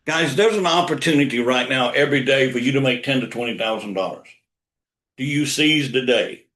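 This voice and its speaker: A man's voice: medium pitch, a little fast, fairly bright tone. Older man coaching, echoey room. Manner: repeats key lines for emphasis. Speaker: sales coach. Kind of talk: motivational coaching talk. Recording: roomy echo.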